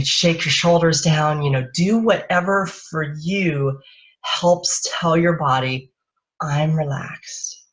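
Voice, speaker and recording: A woman parenting coach giving a live-streamed talk in a soft, unhurried, lulling way, speaking into a webcam or phone. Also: low-pitched. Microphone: webcam or phone on a live video stream. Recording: dull lo-fi stream audio.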